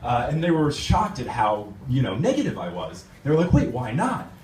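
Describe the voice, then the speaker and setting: A young American man performs stand-up in a club, and his voice swings widely in pitch as he tells his stories. He keeps breaking into laughter at his own jokes. The sound is roomy and a little distant, with faint room noise underneath. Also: big pitch swings, brisk, darkish tone. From United States. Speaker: stand-up comedian. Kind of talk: stand-up set. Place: comedy club stage.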